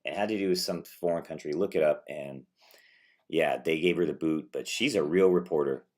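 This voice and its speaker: A man's voice: very deep voice, normal speed, darkish tone. A man giving a casual, profane political rant, sarcastic and rambling, who mocks others in put-on voices. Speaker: political commentary vlogger. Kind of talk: casual ranting commentary.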